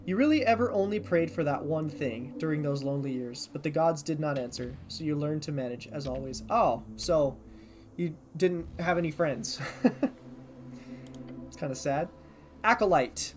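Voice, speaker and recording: A streamer playing a game for the first time, reading the on-screen text aloud and thinking out loud, sometimes tripping over unfamiliar words. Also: medium pitch, normal speed, slight background noise. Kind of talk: casual let's-play commentary.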